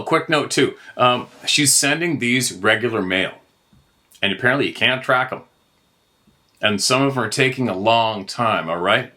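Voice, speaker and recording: A man's voice: on the low side, pushed and bright. A middle-aged man hosting his own show, ranting in a heated, profane monologue. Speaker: host. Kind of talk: angry monologue.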